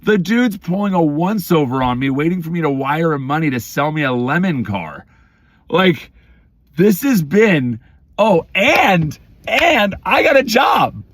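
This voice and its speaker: Middle-aged dad venting fast and exasperated, yells now and then, pretty high voice, dead dry mic. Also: male voice, sing-song, dry recording. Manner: exasperated, rapid ranting with shouted outbursts. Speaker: vlogger; father of four. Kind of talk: venting storytime rant.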